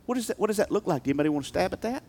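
High-voiced preacher, emphatic. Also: male voice, expressive, rapid-fire. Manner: emphatic, swings between shouting and quiet talk. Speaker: pastor. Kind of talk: sermon.

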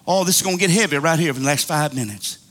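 A middle-aged man preaching a fiery sermon. He talks in a folksy, plain-spoken way, calls out to the congregation for responses, and swings from shouts to hushed pleas. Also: on the high side, quick pace.

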